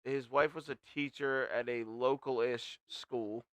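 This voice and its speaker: A man's voice: mid-range voice, fairly even intonation, unhurried, dry recording. A man hosting a casual live stream, crude and joking, telling gossip and pushing a guest to talk into the mic. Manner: crude, joking, bossy about mic setup. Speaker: stream host. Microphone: headphones and shared microphone.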